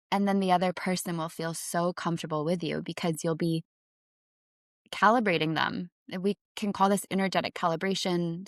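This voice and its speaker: A woman confidence coach talking in a chatty, relaxed way, with lots of casual fillers, in an advice vlog. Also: on the low side, no echo, studio quality.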